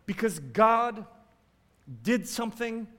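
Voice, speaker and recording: Man, pastor's sermon, high voice, swings loud and quiet, echoing church hall. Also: lively intonation, takes it slowly. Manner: dramatic swings from loud exclamations to quiet asides.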